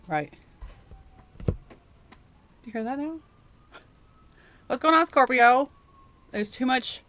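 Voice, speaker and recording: A woman's voice: medium pitch, a bit bright. A woman giving a casual, rambling tarot reading that speaks straight to the viewer. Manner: rambling, chatty, addresses the viewer directly. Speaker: tarot reader.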